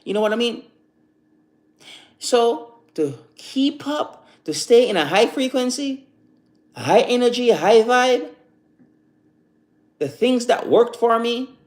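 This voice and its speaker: A man hosting a live stream, giving a casual motivational talk that rambles and repeats, full of "you know" fillers. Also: high voice. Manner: recites slow calm affirmations.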